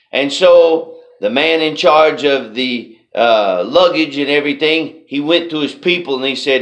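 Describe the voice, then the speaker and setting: A man giving a motivational talk as the show's host, telling a story slowly and deliberately and repeating his key phrases. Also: on the high side, fairly bright tone. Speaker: motivational speaker.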